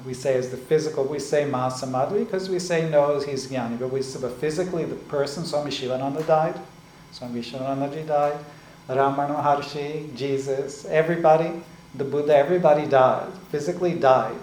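A man giving a spiritual discourse as a teacher. He explains slowly and often checks in with "right?" and "like this". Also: fairly high pitch, a little mellow. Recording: echoey room with faint ambient noise.

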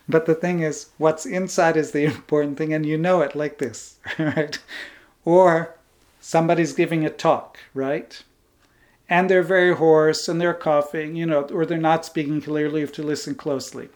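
Man teaching calmly with soft asides. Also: a little high. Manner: unhurried, often ends points with a soft "right?" or "like this". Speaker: Vedanta teacher. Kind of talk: spiritual teaching talk.

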